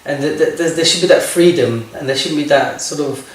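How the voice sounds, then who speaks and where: A man's voice: fairly high pitch, brisk. A man who is a musician, explaining his views earnestly and stammering a little as he thinks. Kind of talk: casual interview chat. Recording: echoey room, mic at a distance.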